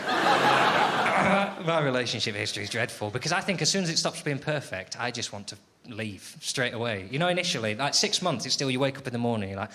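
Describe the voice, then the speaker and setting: A man's voice: medium pitch, fairly quick. Sardonic man doing stand-up. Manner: sardonic, lively, swears a lot, chats with the crowd. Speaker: stand-up comedian. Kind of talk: stand-up comedy with crowd work. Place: theatre stage before a laughing audience. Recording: live show with loud crowd noise.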